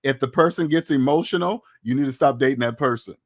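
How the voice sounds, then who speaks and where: A finance commentator with a mid-range voice talks quickly to camera, giving casual, blunt, opinionated takes on money and taxes. He lectures his viewers and fires off lots of rhetorical questions.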